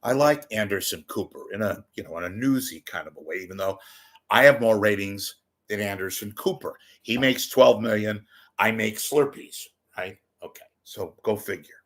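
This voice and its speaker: Speaking at a normal speed in a voice on the low side, this commentary vlogger addresses the camera from a home room with a TV monitor at his back. His commentary is rambling and jokey, peppered with swearing, digressions and bursts of silly voices.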